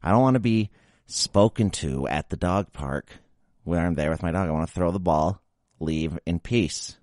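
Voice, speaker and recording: Young adult male podcast host, very low voice, dry close sound, irritated ranting delivery. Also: normal speed, darkish tone, dry recording. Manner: grumbling, exasperated, mocks baby talk. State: a bit sick after drinking. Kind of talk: casual solo rant.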